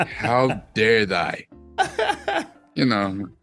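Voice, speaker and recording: A man's voice: lowish voice, drawn-out words, over loud music. A middle-aged man, co-hosting a casual chat and acting out quotes as he tells a story. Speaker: co-host.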